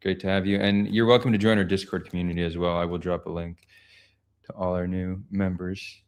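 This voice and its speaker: A man from Israel hosting a casual livestream discussion, with friendly, quick interjections. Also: low voice, level tone, smooth. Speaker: livestream host.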